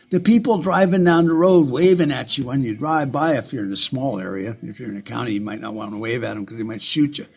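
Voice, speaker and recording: A man delivering a heated, profane, sarcastic ranting monologue in a husky voice. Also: medium pitch.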